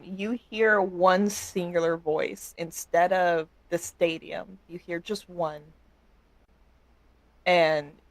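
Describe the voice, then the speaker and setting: Casting: a game master narrating a tabletop game, mid-pitched, slow and measured. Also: a bit bright, no echo. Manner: slow, deliberate scene-setting narration.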